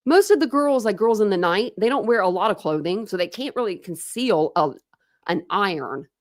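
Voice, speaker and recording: A woman's voice: medium pitch, expressive, normal speed, no room sound, studio quality. A young adult woman from the United States hosting a casual true crime live stream, chatting and answering viewer comments. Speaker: true crime channel host.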